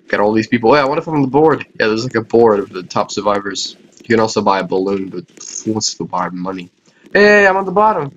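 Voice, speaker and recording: A man's voice: medium pitch, muffled recording. Tired young guy rambling over gameplay. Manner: rambling, chatty, mumbles asides. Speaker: gameplay commentator. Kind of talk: casual game commentary.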